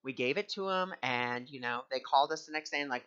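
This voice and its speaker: A man's voice: medium pitch, fairly quick, a bit bright, clean tone, muffled recording. A man teaching on spiritual ideas and telling a personal story in an earnest, conversational way.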